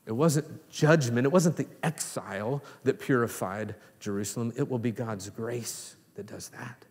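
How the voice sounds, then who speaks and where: A man preaching a sermon as pastor, swinging between hushed low lines and raised, emphatic exclamations. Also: measured pace, breathy edge. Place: church sanctuary. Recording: long reverb in a church hall.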